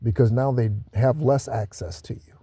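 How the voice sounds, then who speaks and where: The voice is a man's, mid-range, dark and slightly rough, captured dry, as he hosts a spiritual channel and talks alone to viewers. Preachy in manner, he keeps repeating and underlining things, adding slow, emphatic asides.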